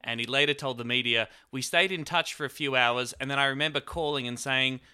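A man's voice: medium pitch, brisk, bright, forceful tone, clear, resonant tone. A man guesting as a comedian on a podcast, joking crudely and laughing often.

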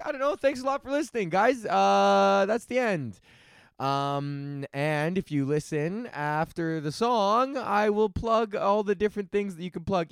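A fairly high-pitched man with vocal fry and a clear, resonant tone hosts his own comedy podcast in a dry recording. His solo rant is loose and profane, punctuated by laughter at his own jokes.

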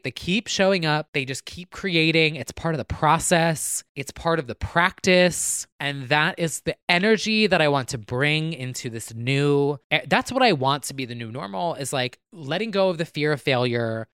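Rambling podcast host, smooth dry voice. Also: mid-range voice, dry recording. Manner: rambling, animated, full of "like" and acted-out quotes. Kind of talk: solo casual rant to listeners.

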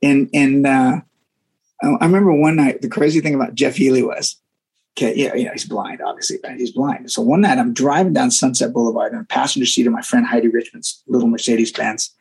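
Gravelly, husky man telling road stories. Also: medium pitch, brisk, poor audio. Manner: animated, repeats words, acts out voices in stories. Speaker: guest musician. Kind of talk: casual storytelling interview.

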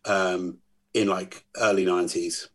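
Podcast guest: man, husky, lively anecdote teller. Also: deep voice, unhurried. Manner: animated storyteller acting out quoted voices. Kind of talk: casual chat.

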